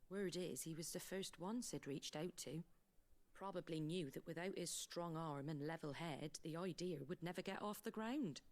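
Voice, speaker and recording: A woman's voice: deep voice, a little mellow, lightly acted. An actress voicing a shrewd, folksy female moneylender who talks in a wry, chatty way in a video game. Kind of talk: game voice acting.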